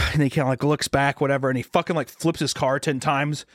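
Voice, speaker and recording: A man's voice: medium pitch, fairly even intonation, a little fast, no room sound, clean studio sound. A young man co-hosting a podcast, telling crude stories in casual chat and slipping into mock voices. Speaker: podcast co-host.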